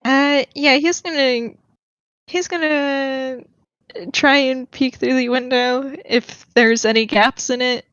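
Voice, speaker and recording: A woman's voice: sits high, steady tone, takes it slowly, a bit bright, clear, resonant tone, no room sound, dull audio. A woman playing a tabletop game, describing her character's actions in third person and laughing often. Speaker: player.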